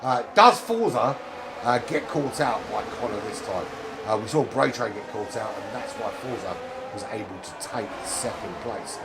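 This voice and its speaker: A man's voice: lowish voice, normal speed, heavy background noise. A man doing chatty commentary on an online sim race, with many fillers. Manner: chatty, fillers, rises to excited calls on overtakes. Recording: music bed under the voice.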